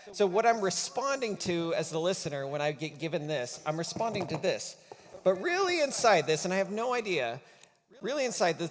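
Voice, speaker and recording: A man with a fairly high-pitched voice talks at a church conference, relaxed and conversational. He often slips into acting out quoted inner dialogue. A long reverb from a big auditorium trails behind his words. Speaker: conference speaker. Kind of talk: conversational stage talk. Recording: long reverb of a large hall.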